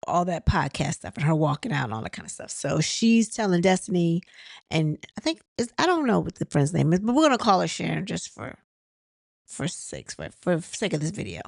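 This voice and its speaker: A woman recaps reality TV in a relaxed, conversational style, acting out the lines people said and laughing along. Her voice has a slightly gravelly, fried texture. The recording is close and dry, with no room sound. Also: fairly low pitch, fairly quick, no room sound. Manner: chatty, retells scenes with quoted dialogue, laughs often. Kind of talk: casual recap commentary.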